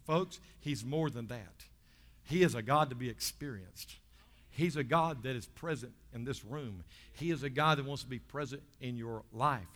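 A male pastor preaching a lively sermon, dropping low and quiet for stories and rising loud to exhort the church. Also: normal speed, in a large hall. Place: church sanctuary.

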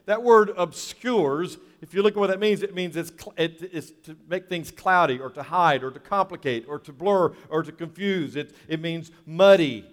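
Male pastor, earnest sermon delivery, slightly high voice, echoey church sound. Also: moderate pace, few pauses. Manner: earnest, repeats key phrases.

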